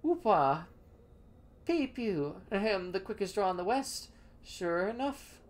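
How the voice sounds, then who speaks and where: A woman's voice: medium pitch, lively intonation, takes it slowly, pitched above the performer's own voice. A woman voicing a grizzled old Western cowboy sidekick who talks in a folksy frontier twang.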